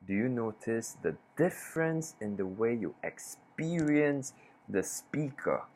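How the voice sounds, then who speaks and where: A man delivers a self-improvement lesson straight to camera, taking his time over every phrase. His voice sits at a mid pitch for a man, and he lets each sentence drop firmly at the end before a pointed pause. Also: lively intonation, a little mellow, a little hiss or hum. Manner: slow, deliberate, with pointed pauses and falling endings. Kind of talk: instructional talk to camera.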